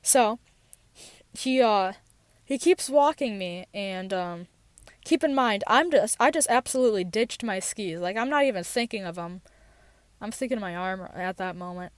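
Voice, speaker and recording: A woman's voice: mid-range voice, lively intonation, moderate pace, no echo. A teenage girl telling a personal story in a rambling, casual way, with many fillers and restarts, recorded in a parked car. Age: teens. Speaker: podcast host.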